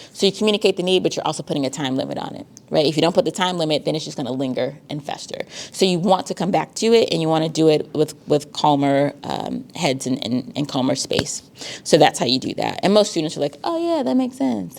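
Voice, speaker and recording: A woman talks casually as a counselor. Her voice sits low with a gravelly fry, and her chatty, easygoing delivery is full of likes and y'alls. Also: a little mellow. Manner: conversational, uses y'all and filler likes. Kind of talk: casual talk on teen dating safety.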